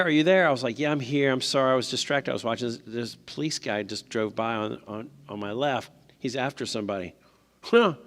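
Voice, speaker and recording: Man giving a seminar talk in a hall. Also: mid-range voice. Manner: conversational, asks the audience questions. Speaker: speaker at a parent seminar. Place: church hall. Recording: long hall reverb.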